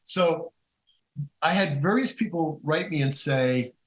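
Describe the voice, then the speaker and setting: A man's voice: fairly high pitch, slow pace, poor audio. Rambling man telling stories as a guest. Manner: rambling, many restarts and asides; animated, acts out quotes in storytelling. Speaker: guest author. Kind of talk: casual conversational storytelling.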